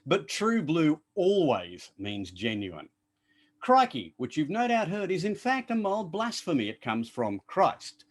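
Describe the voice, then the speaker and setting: An Australian man giving a playful, explanatory prepared speech to an online club. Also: normal speed. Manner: playful, explanatory, lively pitch swings. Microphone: online call.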